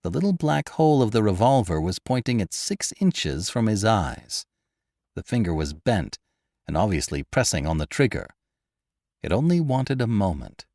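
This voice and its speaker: Expressive male storyteller, dry sound. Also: lowish voice, moderate pace, no room sound. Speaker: audiobook narrator and podcast host. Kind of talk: scripted dramatic narration.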